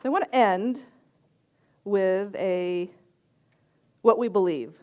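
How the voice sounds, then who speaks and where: In a mid-range voice with soft pauses, a middle-aged woman preaches a reflective sermon filled with personal stories. She is a reverend who also works as a chaplain.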